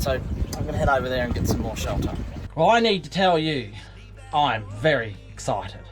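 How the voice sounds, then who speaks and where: A man vlogging from his small fishing boat outdoors, chatty and self-mocking, rambling with fillers. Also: a little high. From Australia. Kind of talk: casual vlog narration.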